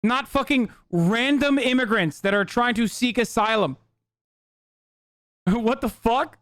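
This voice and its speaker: A man's voice: very high-pitched, slow pace, a bit bright, no echo. A man streaming live, reacting to a clip with heated, profane and sarcastic commentary.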